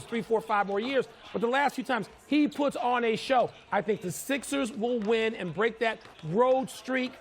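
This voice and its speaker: A man arguing his pick on a sports debate show, firm and measured. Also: very high voice. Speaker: sports analyst.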